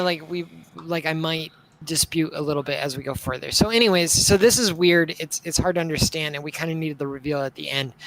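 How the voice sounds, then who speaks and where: High-voiced young man rambling casually. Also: fairly bright tone, poor audio. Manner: rambling, heavy use of filler words. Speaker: podcast co-host. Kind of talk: casual live-stream discussion.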